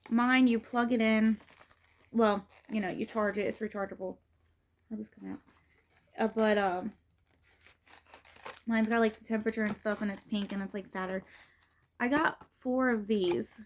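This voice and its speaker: A woman's voice: medium pitch, fairly even intonation, normal speed, pauses often. A middle-aged woman vlogging in a casual, rambling way, with many fillers and restarts. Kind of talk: casual rambling vlog talk.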